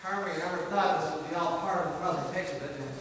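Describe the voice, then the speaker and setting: A bright, high-pitched man gives a motivational talk to a live audience. His delivery swings between loud acted-out dialogue and hushed asides, and his voice rings around a large, echoey hall. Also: fast, slight background noise. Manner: animated storytelling, acting out dialogue with sudden loud and soft swings. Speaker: motivational speaker.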